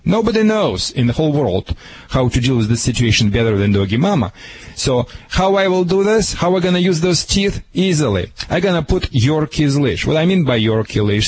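Give me a man with a Russian accent giving lively dog-training advice over the radio, slightly husky. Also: fairly high pitch, poor audio. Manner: animated, punchy, repeats key phrases. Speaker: dog trainer answering a caller. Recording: radio broadcast.

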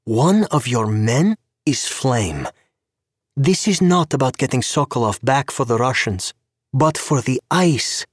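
A man voicing a sharp-tongued woman KGB agent and sorceress in an audio story, mocking and scolding. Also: mid-range voice, animated, moderate pace, slightly rough, no room sound, studio quality, voice pushed up. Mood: exasperated.

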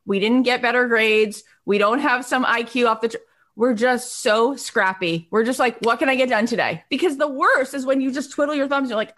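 A woman co-hosting a chat, asking questions in an energetic, motivational way. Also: on the high side, moderate pace. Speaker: podcast co-host. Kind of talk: casual chat.

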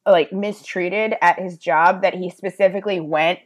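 A woman on a podcast panel, sarcastic and animated, telling stories with swearing. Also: on the low side, normal speed. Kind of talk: casual political chat.

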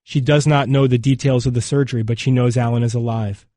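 A man narrates a documentary in a measured, somber voice at a middling pitch. The sound is close and dry, with no room around it. Each sentence is weighed and left to settle before the next one. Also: steady tone, mellow, no echo. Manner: measured, somber, unhurried delivery.

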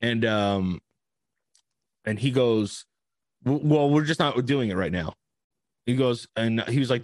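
A man on a podcast telling a story in casual chat, profane and animated, acting out the dialogue. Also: medium pitch, measured pace, pauses often, dry recording. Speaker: podcast host.

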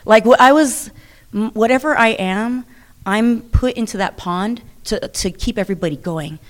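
Woman wrestler, interview guest: chatty, animated, frequent restarts and laughs. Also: fairly high pitch, normal speed. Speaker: professional wrestler. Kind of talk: interview conversation.

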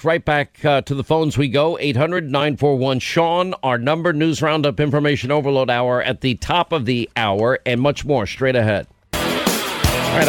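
A man's voice: on the high side, no echo. A middle-aged man hosting a talk radio show, bantering and teasing his co-workers on air. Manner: teasing, joking.

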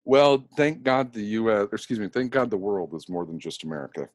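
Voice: mid-range voice, fairly quick, no echo, clean studio sound. A podcast co-host in casual chat, laughing often and bantering wryly with profanity.

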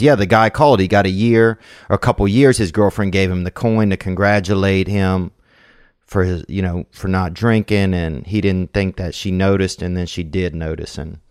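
A man hosts a podcast in a loose, rambling chat, swearing freely and tossing in "man" and "bro". His voice sits somewhat low. The sound is dry and close to the mic. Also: dry recording. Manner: rambling, profane, laid-back, full of "man" and "bro". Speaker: podcast host.

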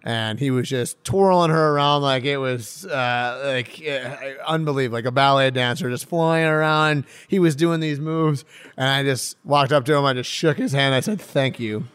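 A young man, a professional hockey player, chatting casually in an interview, excitable and rambling, laughing often. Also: medium pitch, normal speed, clean tone, no echo. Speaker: pro hockey player guest.

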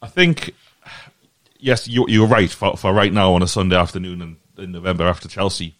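With a low voice that's a bit bright, a football podcast host talks briskly in a recording free of echo. His casual chat is earnest and rambling, full of repeated words.

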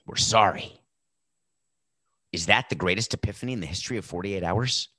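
A man's voice: low-pitched, very fast, sharp tone, no echo, clean studio sound. A man hosting a sports talk show, delivering a sarcastic, mocking commentary monologue.

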